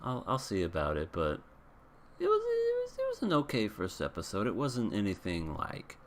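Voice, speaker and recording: Low-voiced blunt male anime reviewer. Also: huge pitch swings, moderate pace. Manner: candid, blunt, rambling with restarts. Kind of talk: casual recap and review.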